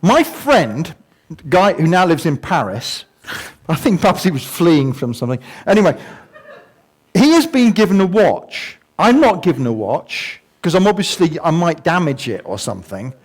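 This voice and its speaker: An older man with a husky, slightly high, sing-song voice speaks at a moderate pace as a guest speaker at a museum talk before a live audience. His humorous talk is full of stories, self-mocking asides and sound effects.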